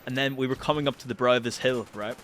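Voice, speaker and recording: Young man, casual vlog storyteller with a bright, forceful voice; animated, swears a lot, spikes high when excited. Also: fast talker, slight background noise. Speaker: channel host.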